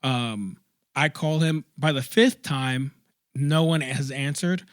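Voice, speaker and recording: A young adult man casually telling a story to friends, animated, laughing and swearing freely. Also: mid-range voice, slow pace, clean tone, dry recording, clean studio sound. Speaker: podcast co-host.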